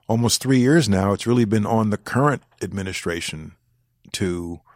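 Man, deep voice, dry close sound; deliberate, careful interview answers. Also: dry recording. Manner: deliberate, weighs words, pauses to choose phrasing. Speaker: former government official, interview guest.

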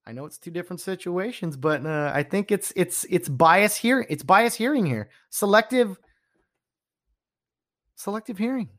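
A man hosts his own podcast, ranting loosely about sports etiquette. He sounds incredulous and animated, jumping into mock voices and hushed whispers to act out what others say. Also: sits high, moderate pace. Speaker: podcast host. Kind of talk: casual sports rant.

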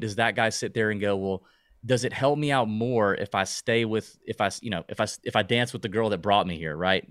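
A man's voice: on the low side, fairly bright tone, no room sound, clean studio sound. A man co-hosting a casual sports talk podcast, rambling and hesitant, with frequent restarts. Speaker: podcast co-host.

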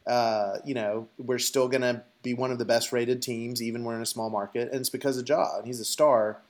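Male co-host, mid pitch, rambling and musing, casual podcast chat. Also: steady tone, brisk. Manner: thinks aloud with many fillers and restarts.

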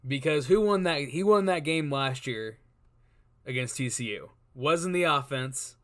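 A man's voice: fairly high pitch, measured pace, fairly bright tone. A man co-hosting a casual sports chat, rambling and repeating words as he works out his guesses. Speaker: co-host.

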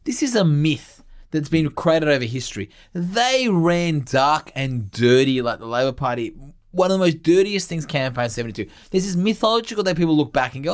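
Male panelist, animated delivery, emphatic. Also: fairly high pitch, moderate pace. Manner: emphatic, stammering starts. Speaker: podcast panelist. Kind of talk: casual political chat.

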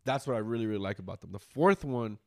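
A man co-hosting a podcast, talking about movies in a rambling, animated way with a lot of swearing. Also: lowish voice, quick pace. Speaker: podcast co-host. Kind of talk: casual chat.

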